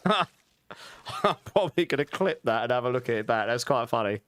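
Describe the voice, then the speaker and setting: A man commentating a game live for viewers. His voice sits in an ordinary middle pitch, and his talk is loose and chatty, broken up often by laughs. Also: expressive, moderate pace, fairly bright tone, clear, resonant tone. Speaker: game streamer.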